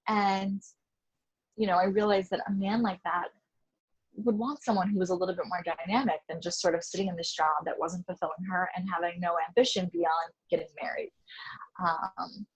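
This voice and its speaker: Husky earnest woman on a video call. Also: fairly low pitch, fairly even intonation, moderate pace, muffled recording. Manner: earnest, reflective, frequent fillers and repeated words. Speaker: life coach, interview guest. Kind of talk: casual conversational interview. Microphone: headphone mic on a video call. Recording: voice call audio with glitchy robotic dropouts.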